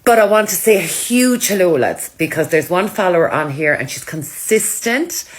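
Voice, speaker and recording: A woman's voice: lowish voice, expressive, moderate pace, a little hiss or hum. A woman chatting casually to her followers, telling self-mocking stories. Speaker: social media creator.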